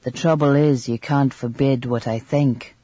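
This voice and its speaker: A man reading as a calm, defiant servant woman. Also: medium pitch, measured pace, husky, no room sound. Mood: calm defiance. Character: defiant quiet enslaved woman. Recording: slightly dull lo-fi audio.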